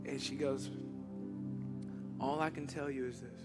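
A man preaching a sermon in a church, storytelling with big swings from loud excitement to soft, hushed moments. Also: mid-range voice, a little slow, loud music behind the voice. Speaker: pastor.

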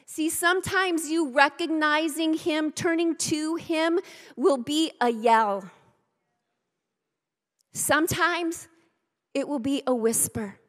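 A woman's voice: high-pitched, takes it slowly. A woman pastor preaching a sermon, emphatic, repeating key phrases and speaking straight to her congregation. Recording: long reverb of a large hall.

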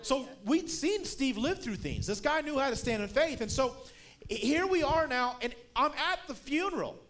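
A middle-aged man preaching a sermon as a guest speaker, telling a story and building up to shouted emphasis. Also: extremely high pitch, animated, normal speed.

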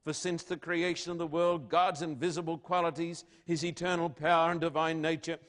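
A man preaching a sermon to his congregation, asking rhetorical questions and swinging between loud declarations and hushed lines. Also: on the high side, level tone, brisk. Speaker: pastor.

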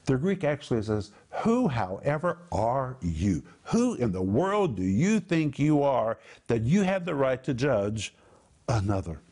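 A man teaching a sermon on scripture, emphatic and deliberate, dropping to low hushed tones to stress key words. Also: sing-song. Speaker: Bible teacher.

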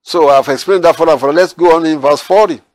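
A man's voice: on the high side, a little fast. A man teaching scripture verse by verse, explaining with repeated phrases and everyday examples and reading the verses aloud. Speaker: Bible teacher.

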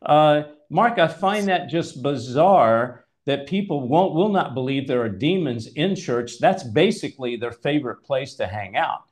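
A man's voice: medium pitch, lively intonation, unhurried, few pauses, darkish tone. Guy hosting a bible talk, emphatic, reads verses out, mid-range voice. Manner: emphatic, exasperated, reads scripture aloud. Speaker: host and preacher. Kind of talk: conversational Bible teaching.

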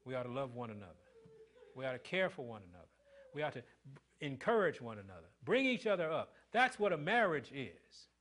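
In a sing-song, medium-pitched voice at a fairly quick clip, a middle-aged man preaches to his congregation. He fires questions at them in call-and-response fashion, swinging from loud emphasis to hushed delivery.

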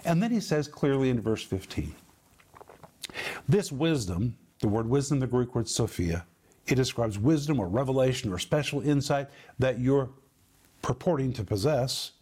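A man teaching from scripture in a sermon, emphatic, repeating key words and slowing down to stress them. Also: mid-range voice, lively intonation, darkish tone, husky. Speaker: Bible teacher.

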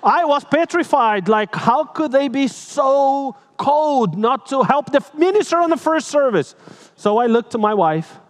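A male pastor with a very high voice delivers an emotional sermon built on personal stories, speaking at a measured pace. He is animated and dramatic, swinging between loud and hushed, and his English is slightly broken.

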